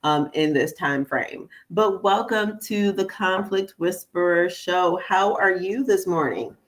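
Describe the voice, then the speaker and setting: A middle-aged woman with a notably low voice speaks into a podcast microphone. She talks in a chatty, animated way as a coach hosting her own show, often turning to her listeners with "y'all". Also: slow pace. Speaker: podcast host and conflict coach. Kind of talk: casual morning podcast monologue. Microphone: studio podcast microphone.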